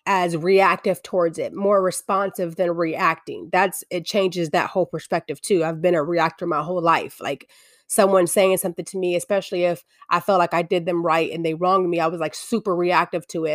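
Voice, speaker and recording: A woman's voice: fairly low pitch, no room sound, studio quality. A woman giving an earnest, confessional faith-based talk, often restarting her sentences.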